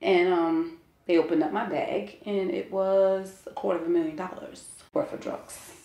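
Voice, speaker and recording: A woman in her forties, an interviewee, shares an emotional personal testimony candidly and earnestly, peppering it with "you know" and "like." Her fairly low, warm voice has fairly even intonation and a moderate pace, with reverberant sound.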